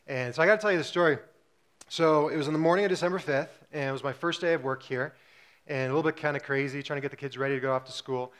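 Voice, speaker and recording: A man's voice: mid-range voice, fairly bright tone. A pastor in his forties, from Singapore, gives a casual, humorous sermon, talking chattily with frequent fillers.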